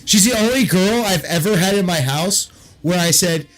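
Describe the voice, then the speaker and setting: A man's voice: high-pitched, expressive, moderate pace, faint music behind, rough recording. A man in his thirties chatting casually with a friend, telling stories with frequent laughs and swearing.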